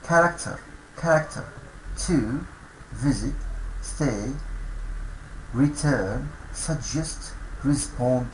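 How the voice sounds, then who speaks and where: A man's voice: medium pitch, slight background noise, rough recording. A man teaching English vocabulary to schoolchildren, saying each word twice and explaining it. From Egypt. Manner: slow, repeats each word aloud for learners.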